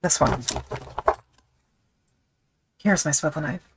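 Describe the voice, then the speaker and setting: A woman's voice: low voice, slow, gravelly, slightly rough, rough recording. A woman chatting casually on a live stream while she tools leather, rambling and joking at her own expense. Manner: rambling, self-deprecating, thinks aloud with fillers.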